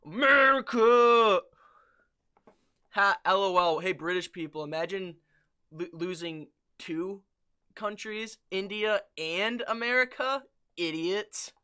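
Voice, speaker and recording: A man's voice: high voice, unhurried, sharp tone, smooth. A man co-hosting a comedy podcast, rambling with many fillers and restarts in casual chat. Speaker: podcast co-host.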